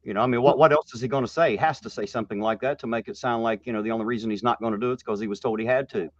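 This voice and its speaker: A man chatting quickly in a casual livestream over a video call, often stumbling and repeating words. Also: mid-range voice. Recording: muffled lo-fi video call with faint noise.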